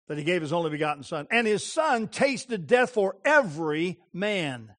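A male preacher giving an impassioned sermon, with emphatic phrasing and dramatic pauses. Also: sits high, sing-song, a bit bright.

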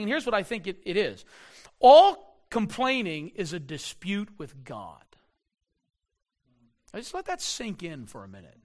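A middle-aged male pastor preaching a sermon, animated, repeating words and slowing down to stress a point. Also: high voice.

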